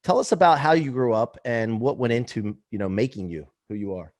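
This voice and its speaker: A man's voice: mid-range voice, animated, fairly quick, a little mellow. A man hosting a casual interview, joking and laughing along with his guest. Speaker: podcast host.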